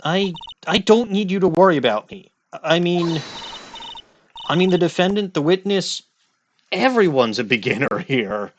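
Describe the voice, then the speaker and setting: A man's voice: sits high, expressive, moderate pace, lo-fi sound, a little hiss or hum, voice pushed up. A man voicing a stammering rookie lady lawyer. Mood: nervous. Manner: stammering, nervous. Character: flustered young female rookie defense lawyer.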